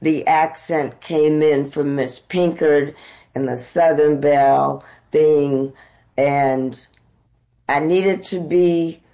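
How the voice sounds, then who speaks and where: Animated, laughing actress telling stories. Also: female voice, sits low, slow, poor audio. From United States. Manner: animated storyteller, laughs often. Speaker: actress, interview guest. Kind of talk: conversational interview storytelling.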